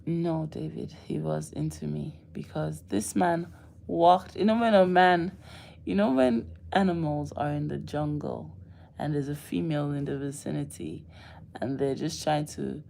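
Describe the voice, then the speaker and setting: A woman chatting on a livestream with her viewers, animated and playful, laughing often and putting on mock outrage. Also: low-pitched, measured pace, vocal fry. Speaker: livestream host. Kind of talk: casual livestream chat with viewers.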